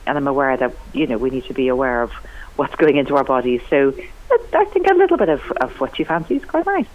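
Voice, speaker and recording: A woman's voice: a bass voice, fast talker. Chatty woman cook on lo-fi radio. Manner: chatty, enthusiastic, lively rising emphasis. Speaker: cookery writer and TV cook, guest. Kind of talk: radio interview chat. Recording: lo-fi radio broadcast.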